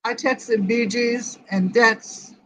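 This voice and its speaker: A woman's voice: a little high, fairly even intonation, slow pace, fairly bright tone, low-quality recording. An older woman hosting a grief group, telling a personal story in a rambling way and quoting each conversation word for word. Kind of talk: personal storytelling in casual chat.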